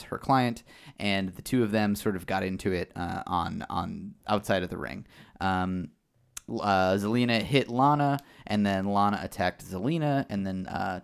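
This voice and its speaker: Gravelly low-voiced man chatting. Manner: rambling, lots of filler words and restarts. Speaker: podcast co-host. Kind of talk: casual wrestling chat.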